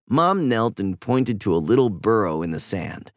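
A man narrating a children's storybook with an expressive, varied delivery. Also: on the low side, moderate pace, hardly any pauses, dry recording, studio quality.

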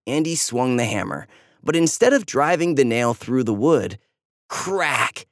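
A storyteller reading a children's story aloud with animated, lively delivery. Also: mid-range voice, measured pace, no room sound, clean studio sound.

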